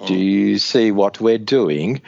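A man's voice: lowish voice, slow, creaky, a little mellow, heavily acted. A man doing sneering taunting inmates. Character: menacing male prison inmates, taunting. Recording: dull lo-fi recording.

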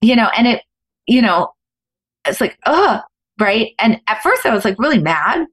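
A middle-aged woman, a podcast guest, telling a story in an animated, fast-flowing way with frequent restarts. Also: fairly high pitch, breathy edge. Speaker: guest, former professional poker player.

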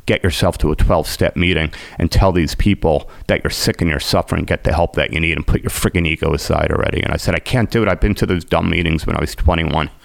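A man's voice: a bass voice, fairly even intonation, fast talker, vocal fry, few pauses, no echo. A man, a podcast guest, telling his recovery story in an emotional, intense way.

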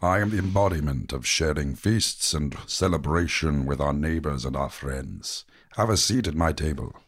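Huge festive spirit of hospitality, very deep and booming, grand and welcoming, man putting it on, dry close mic. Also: normal speed, slightly rough, no room sound. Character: huge jovial male hearth spirit. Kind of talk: tabletop role-play voice.

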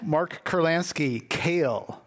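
A man hosting a panel discussion, briskly putting questions to guests by name. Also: on the high side. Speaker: radio show host.

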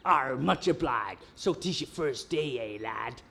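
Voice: mid-range voice, lively intonation, measured pace, creaky, fairly bright tone, breathy edge, heavily acted. A performer playing a growling old pirate captain in an amateur radio comedy. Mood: gruff.

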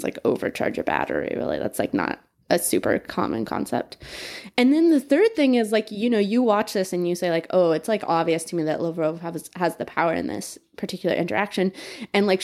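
An American woman in casual conversation, calmly reasoning her points one by one. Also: lowish voice. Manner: even-tempered, reasons point by point.

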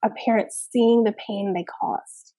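A woman's voice: fairly high pitch, steady tone, a little slow, dark tone, no room sound, dull audio. A woman in her thirties, a child therapist, talking casually and candidly in an interview, peppering her speech with "like" and "you know what I mean". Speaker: child therapist and parenting expert.

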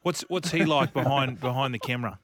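A man's voice: medium pitch, fairly quick, a bit bright, no room sound, clean studio sound. A man, a radio co-host asking a guest eager, chatty questions. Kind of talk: interview questions.

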